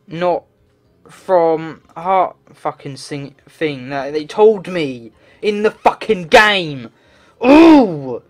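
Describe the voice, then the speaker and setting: Slow-talking man ranting at a game. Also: fairly high pitch, a bit bright. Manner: frustrated, swearing rant to himself. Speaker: let's play gamer. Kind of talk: game commentary.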